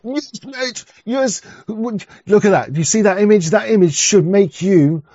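A podcast host with a high-pitched, animated man's voice and a darkish tone speaks at a measured pace on a casual talk show, rambling, swearing and often restarting his sentences. Sometimes he reads text aloud between stretches of chat. The recording is dull, dry and lo-fi.

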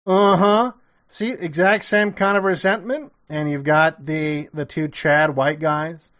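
The voice is a fairly high-pitched man, talking loosely and sarcastically with plenty of swearing. He goes back over his own sentences and restarts them often. The audio is dull and lo-fi. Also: fairly even intonation, slow pace, fairly bright tone. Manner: rambling, profane, sarcastic, with many restarts. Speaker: commentator reacting to an old TV show. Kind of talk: casual reaction commentary.

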